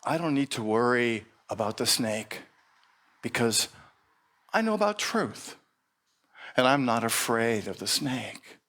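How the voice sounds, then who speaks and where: A man voicing a calm, wise male monk who gives gentle, earnest teachings while telling a parable in a sermon. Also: medium pitch, unhurried, long pauses. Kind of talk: storytelling sermon.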